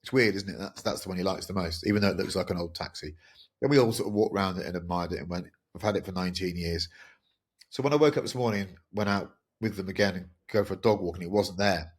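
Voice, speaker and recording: A man's voice: low voice, fast talker, breathy edge. A middle-aged man hosting a podcast, telling a personal story in a candid, rambling, wry way. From England. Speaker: podcast host. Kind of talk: casual podcast monologue.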